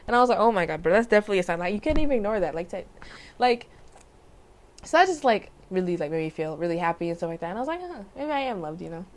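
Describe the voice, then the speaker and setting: This vlogger, a young adult woman, rambles through a personal story with heavy fillers, constant restarts and self-corrections, and small laughs. Her voice is lowish and sing-song, and she speaks very fast over a slight hiss or hum.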